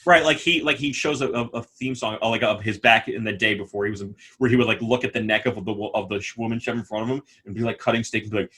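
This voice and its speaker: Animated male podcast co-host. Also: fairly low pitch, fast, few pauses, husky. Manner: animated, laughs and mimics characters often. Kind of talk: casual chat.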